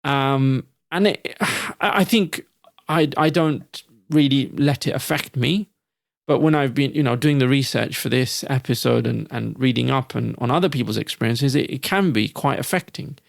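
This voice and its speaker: A man co-hosting a casual podcast, his voice carrying a gravelly fry. He talks in a reflective, hesitant way and often restarts his sentences. The sound is dry and close, with no room around it. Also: mid-range voice, moderate pace, dry recording. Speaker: podcast co-host.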